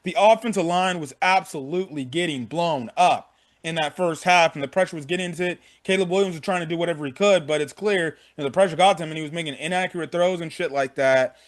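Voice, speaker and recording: A young man with a notably high-pitched voice talks through a game recap in a loose, unscripted way. He swears freely and keeps restating his points as he goes. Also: quick pace. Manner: frank, profane, repeats himself. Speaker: sports fan vlogger. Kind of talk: casual game recap rant.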